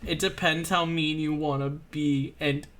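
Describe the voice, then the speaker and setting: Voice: mid-range voice, fairly even intonation, a little slow, a bit bright. Playful streamer chatting over a game. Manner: playful, laughing banter. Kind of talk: casual let's-play chat.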